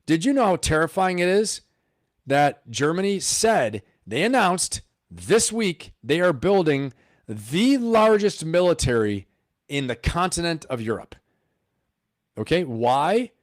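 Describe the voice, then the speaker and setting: A man's voice: mid-range voice, dry recording, studio quality. A man hosting a live stream of political commentary, emphatic and riffing, firing off rhetorical questions.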